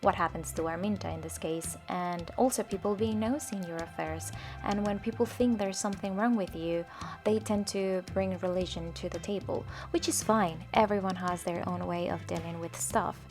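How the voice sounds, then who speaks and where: A woman's voice: lowish voice, steady tone, normal speed, music in the background. A woman hosting her own channel, casually reading and analyzing poems in a chatty way with fillers and frequent laughs. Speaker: channel host.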